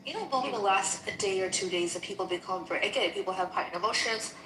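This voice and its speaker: A woman in casual, heated conversation, animated and indignant, acting out both sides of a quarrel she is retelling. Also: mid-range voice, quick pace. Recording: echoey room with faint noise.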